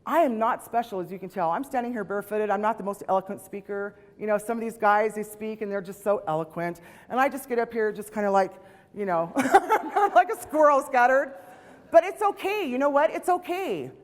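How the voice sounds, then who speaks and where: A woman's voice: on the high side, animated, fairly quick, in a large hall. A woman in her late fifties giving a chatty, self-deprecating motivational talk on stage, acting out the voices she quotes. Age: 50s. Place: stage in a large hall.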